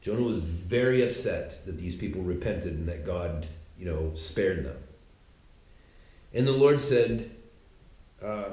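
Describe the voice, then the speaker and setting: A man's voice: on the low side, takes it slowly, pauses often. Slangy man retelling scripture, echoey. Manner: conversational, slangy, animated storytelling. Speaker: podcaster. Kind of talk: informal bible retelling. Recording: echoey room.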